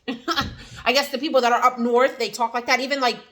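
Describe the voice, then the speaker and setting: A woman's voice: fairly high pitch, little pitch movement, normal speed, a bit bright. A woman with a New Jersey accent chatting casually to the camera in an eat-and-chat vlog, rambling with many fillers and restarts. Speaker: vlogger.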